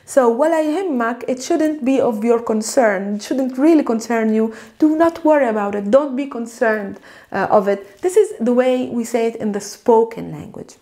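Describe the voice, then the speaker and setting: A woman with a Palestinian Arabic accent, a native Arabic speaker, teaching an online language lesson in an animated, patient way, repeating words slowly for learners. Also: fairly high pitch.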